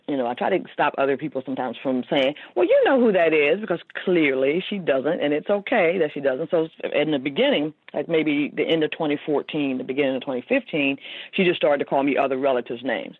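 A woman's voice: low-pitched, dry recording. A woman in her fifties, a guest author telling a heartfelt personal story in an interview, rambling with many fillers over a tinny phone line. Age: 50s.

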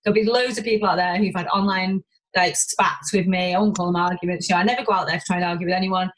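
A business owner from Warrington, England, guests on a podcast for a candid, conversational interview. She talks fast and animatedly in a lowish voice, swearing freely and restarting often. The recording is rough, with a little hiss or hum.

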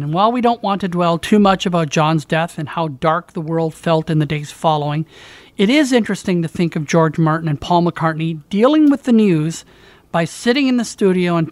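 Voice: medium pitch, normal speed, no echo. A friendly podcast co-host talking in a conversational way. The sound is close and dry, with no room around it. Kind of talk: podcast hosting.

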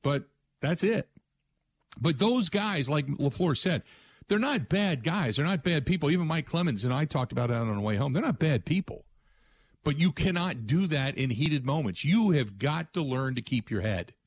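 A man's voice: a little high, lively intonation, normal speed, breathy edge, dry recording. A man hosting a sports talk radio show, giving an emphatic, rambling opinion monologue with frequent restarts. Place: radio studio.

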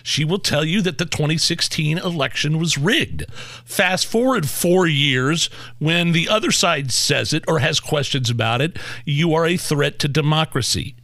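A man's voice: on the high side, a little slow, gravelly, pushed and bright, no echo. A man co-hosting political commentary, talking in an emphatic, rallying way. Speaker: co-host.

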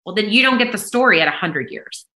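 A woman worship singer, a guest on a remote call, sharing her faith in an earnest, emphatic, deliberate way. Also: medium pitch, expressive, sharp tone, echoey room, poor audio. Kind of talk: heartfelt faith testimony in conversation.

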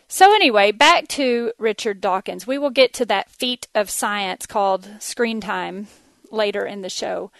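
A woman's voice: medium pitch, unhurried, vocal fry, a bit bright, dry recording. A woman with a Texas accent hosting a casual podcast monologue, chatty and laughing often, with plenty of ums and uhs. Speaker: podcast host.

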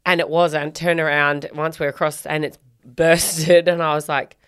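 Blunt lower-voiced woman. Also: level tone, a little slow, a bit bright, clear, resonant tone, no room sound, studio quality. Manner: blunt, swears freely, acts out quotes. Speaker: podcast co-host. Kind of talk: casual chat, storytelling.

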